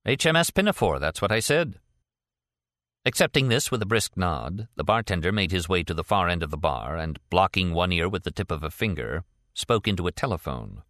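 A man narrating a novel in an expressive storytelling manner. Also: deep voice, fairly quick, no echo, studio quality. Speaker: audiobook narrator. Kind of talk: scripted narration.

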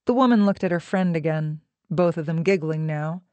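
A woman narrating an audiobook with an even, measured reading. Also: deep voice, no echo.

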